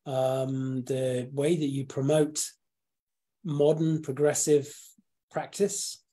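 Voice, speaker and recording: Mellow-voiced man hosting a chat. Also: mid-range voice, little pitch movement, slow pace. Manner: rambling, frequent throat clearing and restarts. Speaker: host. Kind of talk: casual live chat.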